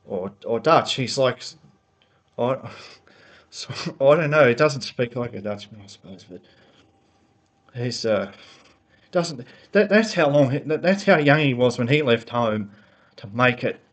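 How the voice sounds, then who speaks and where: A man's voice: medium pitch, lively intonation, unhurried, long pauses. A man delivers a heated, unscripted fan rant straight into a laptop's built-in mic. He talks in a mid-range voice, rambles, stumbles over restarts and keeps repeating himself as he works himself up. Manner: heated, rambling, repeats words and restarts, grows more worked up. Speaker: motorsport fan vlogger.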